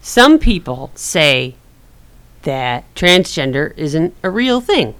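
A woman's voice: low voice, very animated, slow, a bit bright. A woman co-hosting a podcast, asking playful, teasing questions in casual chat. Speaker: podcast co-host.

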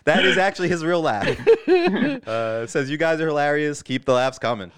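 A male podcast co-host reads out listener emails in a loose, joking manner, swearing casually and laughing easily. His pitch moves a lot as he talks. The sound is close and dry, with no room around it. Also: big pitch swings, moderate pace, clear, resonant tone, dry recording.

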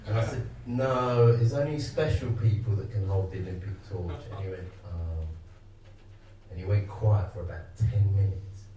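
A man's voice: deep voice, normal speed, dark tone, a little hiss or hum. A man doing stand-up, telling a story with casual swearing and acting out the dialogue. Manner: swearing, anecdotal, acts out dialogue. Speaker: stand-up comedian. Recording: echoey room from far off.

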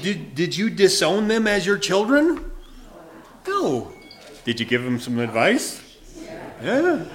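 Man, pastor, sermon, earnest and emphatic, light laughs, slightly high voice. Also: a bit bright.

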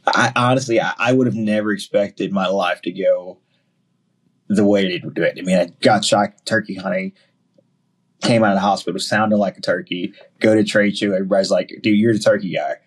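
Low-pitched and husky, this Southern US man shares stories as a guest in a laid-back podcast conversation. His telling is animated, with quick bursts where he quotes himself and other people.

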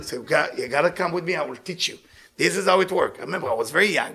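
A man giving a religious lecture, telling stories in an animated way and often laughing. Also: on the high side, fast, vocal fry. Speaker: Torah teacher.

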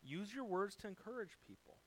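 A man delivering a sermon as a pastor, swinging between loud emphasis and soft, quiet lines while quoting scripture. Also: high voice, lively intonation, brisk, low-quality recording.

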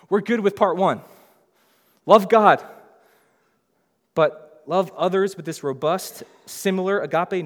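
A pastor preaching a sermon in a casual, conversational way, acting out the lines of biblical figures in lively voices. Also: male voice, a little high, in a large hall.

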